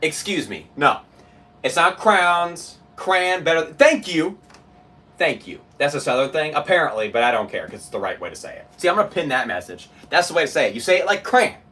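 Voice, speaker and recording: Young streamer dude ranting at chat, voice bouncing all over, kinda far from the mic. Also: male voice, fairly high pitch, fast talker. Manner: animated, ranting, laughing incredulously. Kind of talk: casual live-stream rant to chat.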